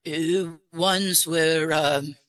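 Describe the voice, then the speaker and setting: A woman's voice: fairly even intonation, dry recording. Woman in a put-on English accent. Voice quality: deep-pitched for a woman. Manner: hesitant, halting, with many fillers and restarts. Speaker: mystery guest. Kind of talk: call-in guessing game, disguising her voice.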